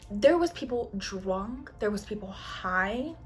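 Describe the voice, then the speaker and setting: A young woman chatting casually while doing her makeup, telling a long story in an animated, slangy way, swearing often and acting out other people's lines. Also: on the high side, a little slow, few pauses. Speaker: beauty vlogger. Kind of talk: get-ready-with-me storytime.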